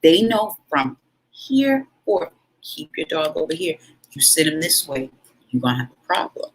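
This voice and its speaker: A woman's voice: low-pitched, big pitch swings, moderate pace, breathy edge, poor audio. A woman hosting her own vlog, telling a story in an emphatic, dramatic way and acting out what people said. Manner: dramatic, emphatic, acts out quotes. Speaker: vlog host.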